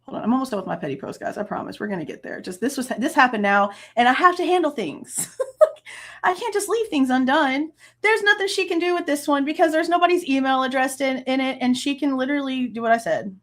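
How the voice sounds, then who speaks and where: A woman's voice: high voice, expressive, fairly quick, a bit bright. A woman, hosting a true crime livestream, ranting angrily, swearing and laughing between outbursts. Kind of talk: casual livestream rant.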